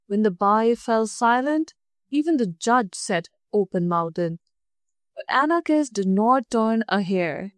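A woman narrating a folk tale in a measured, expressive storybook reading. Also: a little high, dry recording, studio quality.

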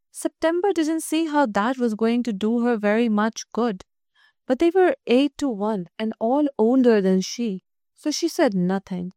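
A woman reads a storybook aloud in a gentle, measured voice. Her voice sits high, and the recording is dry and close with no room echo. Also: lively intonation. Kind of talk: storybook reading.

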